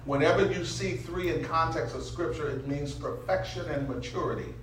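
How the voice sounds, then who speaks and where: A man preaching a sermon, stopping a reader to teach and drawing call-and-response from the room, building from calm teaching into impassioned near-shouting. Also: a little high, normal speed, crowd noise. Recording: echoey room, mic from far off.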